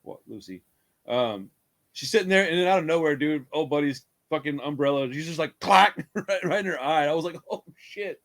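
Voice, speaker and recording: A man's voice: a little high, expressive, fairly quick, a bit bright. A man casually retelling a horror film, rambling, laughing often and swearing freely. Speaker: podcast co-host reviewing a horror film. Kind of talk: casual profane chat.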